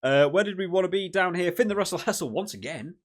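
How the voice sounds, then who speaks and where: A man's voice: high voice, lively intonation, quick pace. Chatty man hosting a rugby recap. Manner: chatty, laughs between points, lots of fillers. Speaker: rugby channel host. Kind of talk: casual commentary on rankings and predictions.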